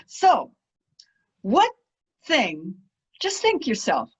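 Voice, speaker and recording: A woman giving an enthusiastic storytelling talk as a guest speaker, animated, laughing often, with many fillers. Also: a little high, very slow, husky. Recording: muffled lo-fi audio.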